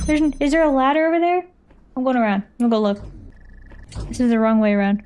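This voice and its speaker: A woman's voice: sits high, fairly even intonation, fast, long pauses, darkish tone, slight background noise. A young woman streaming a puzzle game, thinking aloud in a rambling, jokey way and chatting with her viewers, sounding tired and foggy. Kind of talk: casual live-stream chat while gaming.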